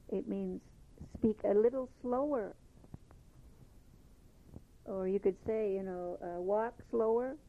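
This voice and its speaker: A woman teaching a language lesson, patiently repeating each phrase slowly before explaining it. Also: medium pitch. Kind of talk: slow spoken language lesson. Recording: tinny phone-like lo-fi recording.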